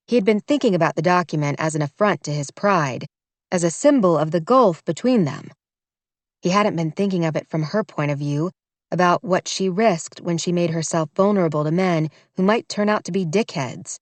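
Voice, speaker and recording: A woman narrating a romance audiobook in a measured, wry storytelling manner. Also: on the low side, no echo.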